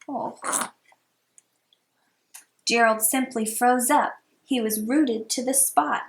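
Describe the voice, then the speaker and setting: A mother reading bedtime stories aloud to her baby in a soft, hushed, sing-song manner. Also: on the high side, fairly even intonation, slow.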